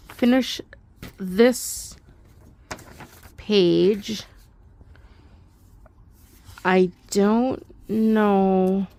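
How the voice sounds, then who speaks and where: A woman's voice: medium pitch, creaky, darkish tone. A young woman giving a casual, rambling study update, thinking aloud with fillers and little laughs. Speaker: homeschool student.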